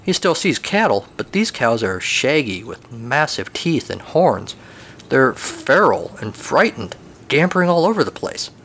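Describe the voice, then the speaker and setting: A man narrating a comic story in a wry, deadpan manner. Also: medium pitch, measured pace, slight background noise.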